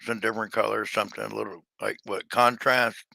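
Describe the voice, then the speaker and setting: A man's voice: on the low side, level tone, brisk, gravelly, bright, forceful tone, no room sound. A man chatting casually to his livestream audience, rambling with many fillers and restarts. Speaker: livestream seller.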